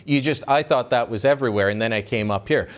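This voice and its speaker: A man's voice: medium pitch, fast. A man from Canada hosting a casual talk, explaining things conversationally with many fillers. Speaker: host. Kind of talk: casual chat.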